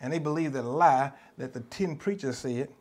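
Here a Southern-accented pastor from the US delivers a sermon at normal speed, his mid-range voice a little mellow. He repeats phrases with passion and emphasis, and performs the voices of those he quotes.

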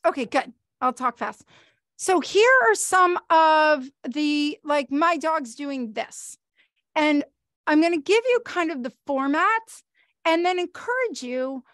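High-voiced chatty woman trainer. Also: dry recording, studio quality. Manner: chatty and animated, talks fast with fillers. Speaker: pet trainer. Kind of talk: webinar presentation. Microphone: video call.

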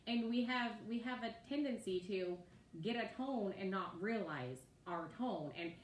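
A woman's voice: lively intonation, measured pace. A woman preaching a casual sermon, talking conversationally and often checking in with her listeners. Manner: conversational, keeps asking "right?" to the listeners. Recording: roomy echo with faint rumble.

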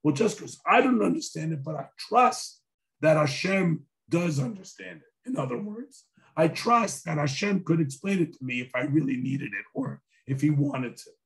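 A hoarse man who is a rabbi lectures in a relaxed, conversational way, slipping in dry jokes as he tells a story. His voice sits a little high for a man. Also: normal speed. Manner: conversational and wry, with dry humor. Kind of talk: sermon-style lecture with storytelling.

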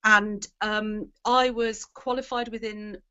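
A woman talks in a chatty, self-deprecating way about how easy a system was to use. Her mid-pitched voice comes over a dull, lo-fi video call. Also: little pitch movement, slow pace, sharp tone. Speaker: guest marketer. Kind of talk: casual online hangout chat. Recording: dull lo-fi web call audio.

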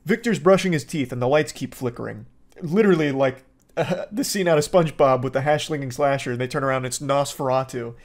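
A man's voice: mid-range voice, a little fast. A man hosting a movie review, talking sarcastically and rambling with many fillers. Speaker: host.

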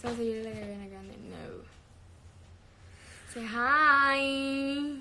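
A woman's voice: medium pitch, fast, vocal fry, dark tone, a little hiss or hum. A young woman chatting casually on a livestream, brash and profane, laughing often. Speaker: singer on a live stream.

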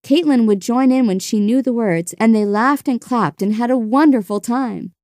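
A woman narrating a children's storybook in a gentle, expressive way. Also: fairly high pitch, normal speed, dry recording, studio quality.

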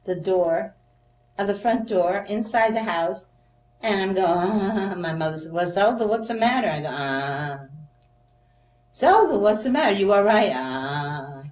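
Older woman telling lively stories. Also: mid-range voice. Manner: animated storyteller who acts out quoted voices and laughs often. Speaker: oral history interviewee. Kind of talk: storytelling in an oral history interview. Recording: echoey room, voice a bit off-mic, faint hum.

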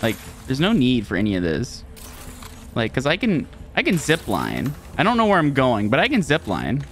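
A streamer giving live gameplay commentary, excitable, laughing often, swearing and talking to chat. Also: mid-range voice, moderate pace, faint music behind.

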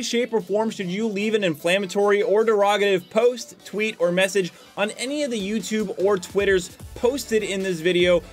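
High-voiced joking YouTube commentator. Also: male voice. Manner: joking, chatty asides. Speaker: gaming YouTuber. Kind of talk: casual commentary.

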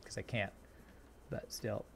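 Man musing through a game stream. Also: unhurried. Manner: thinks aloud, chats to viewers. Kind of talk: casual live-stream gameplay commentary.

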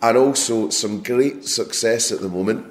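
A man's voice: medium pitch, normal speed. A man hosting a food marketing podcast, chatting enthusiastically with plenty of fillers. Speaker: podcast host. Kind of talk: casual podcast interview.

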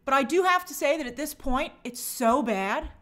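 A woman hosting a live stream, giving emphatic, animated commentary and reading viewer comments aloud. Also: high voice, moderate pace.

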